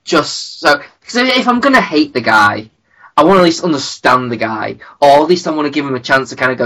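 A man's voice: on the high side, expressive, a little fast, bright, forceful tone. A man, co-hosting a casual podcast, rambling and repeating words as he works toward his point. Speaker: podcast co-host.

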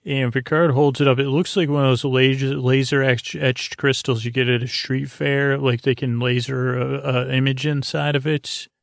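Man, podcast host, monotone gravelly rambling recap, dry close sound. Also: mid-range voice, moderate pace, few pauses, dry recording. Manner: rambling, full of uh and "he goes" asides. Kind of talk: casual, drowsy recap.

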